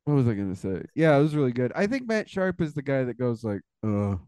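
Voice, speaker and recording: A man's voice: medium pitch, sing-song, fast, a little mellow, smooth, no echo. A man co-hosting a podcast in casual chat, joking and self-mocking. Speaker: podcast co-host.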